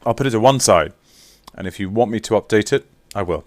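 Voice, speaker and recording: A man's voice: lowish voice, a little fast, no echo, clean studio sound. A man chatting casually with viewers on a live stream while signing autographs, teasing and reading out names.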